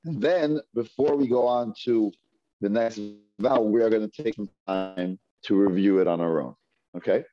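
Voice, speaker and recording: A man teaching Hebrew reading, sounding out words slowly and patiently and repeating them. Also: fairly low pitch, dry recording. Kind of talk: slow, patient reading lesson. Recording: dull lo-fi dry recording.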